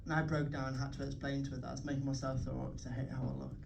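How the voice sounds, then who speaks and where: A young Liverpool comedian performs a self-mocking, swearing stand-up set in a comedy club, chatting with the crowd. He speaks very fast in a flat, mid-range voice with vocal fry and a darkish tone. A distant live club mic catches audience laughter and a little hiss or hum.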